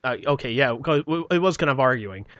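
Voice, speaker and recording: A man's voice: medium pitch, lively intonation, fairly quick, fairly bright tone, no room sound. A man with a New Jersey accent telling a long, profane story about an old job in a casual podcast chat. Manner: swears often, mocks people in put-on voices. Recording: dull lo-fi podcast audio.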